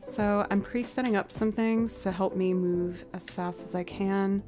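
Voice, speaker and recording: Over music, an American woman from near Boston talks at a medium pitch in a steady tone, a little slowly. She is a musician streaming live, chatting casually and thinking out loud between songs, her accent showing light Southern slips.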